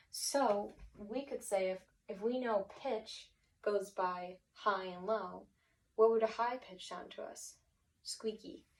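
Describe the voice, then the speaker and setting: Woman teacher doing a vocab lesson, lots of um and restarts, encouraging, kinda far from the mic. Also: mid-range voice. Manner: encouraging, thinks aloud with many fillers and restarts.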